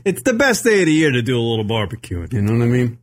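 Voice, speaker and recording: A man's voice: mid-range voice, sing-song, fast talker. A man from Long Island hosting a radio show from a studio, chatting casually and rambling with lots of fillers and swearing. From Long Island, New York. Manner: rambling, profane, many fillers.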